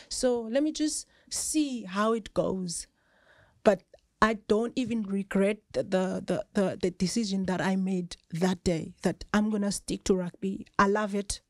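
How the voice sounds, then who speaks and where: A South African woman, a rugby player guesting on a podcast, telling lively stories and often breaking into laughter. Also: medium pitch, dry recording, studio quality. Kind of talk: casual storytelling chat.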